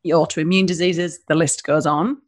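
A woman's voice: deep voice, fairly even intonation, normal speed. A woman with a northern English accent, a business founder chatting informally as an interview guest. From northern England. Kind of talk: casual interview chat.

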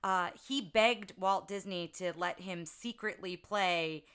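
A woman's voice: lowish voice, takes it slowly, a bit bright, clear, resonant tone. A woman co-hosting a casual podcast, telling film trivia in a chatty, storytelling way. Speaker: podcast co-host.

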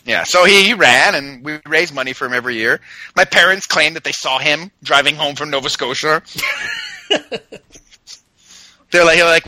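A man's voice: fairly high pitch, moderate pace, long pauses, sharp tone, no echo, low-quality recording. A man from Canada chatting casually on a podcast, stammering a little and laughing often. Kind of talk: casual chat.

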